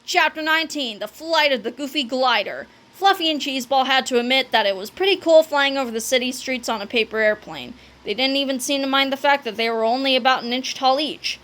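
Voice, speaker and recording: A woman reading a children's book aloud, telling the story with animated delivery and dramatic sound words. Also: sits high, a little fast, few pauses. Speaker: narrator.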